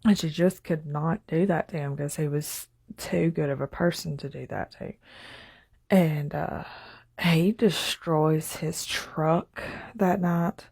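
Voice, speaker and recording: A woman's voice: deep voice, slow, vocal fry, darkish tone, slightly rough, no echo. A woman telling a story in a loose, rambling way, full of "like" and "you know" and laughing as she goes. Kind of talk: casual spoken storytelling.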